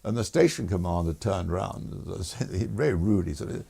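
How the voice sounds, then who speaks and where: An older man, a retired air force officer telling stories in a relaxed interview, chuckling and restarting as he goes. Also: low-pitched, moderate pace, gravelly, few pauses, breathy edge. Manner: chuckles through stories, many fillers and restarts.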